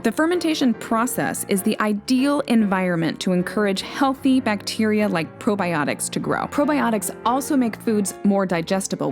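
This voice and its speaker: A woman giving a clear, step-by-step recipe voice-over as the host of a cooking video. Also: medium pitch. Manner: clear, steady, step-by-step explaining.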